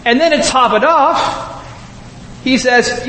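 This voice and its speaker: A man's voice: very high-pitched, slow, bright, forceful tone, a little hiss or hum. Man preaching with humor in an echoey hall. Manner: humorous, storytelling, addresses the audience directly. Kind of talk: conversational sermon. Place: large hall with a live audience. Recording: echoey hall, faint ambience.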